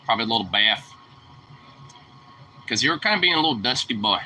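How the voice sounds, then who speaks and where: A man's voice: mid-range voice, expressive, brisk, sharp tone, slight background noise, rough recording. A young man talking casually to his dog, teasing it, laughing often and swearing freely. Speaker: vlogger.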